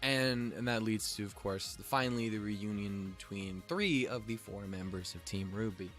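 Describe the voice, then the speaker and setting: A young man rambles through an episode recap in a relaxed, casual way. His talk is full of "um"s, restarts and constant swearing, with joking asides. Faint music plays underneath. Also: lowish voice, moderate pace. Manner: profane, filler-heavy, joking. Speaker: show review vlogger.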